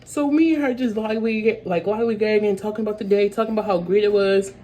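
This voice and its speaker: A young woman telling a story from her own life in a casual vlog, talking in quick bursts that restart and repeat phrases. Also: medium pitch, steady tone, dark tone, slight background noise, low-quality recording. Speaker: vlogger.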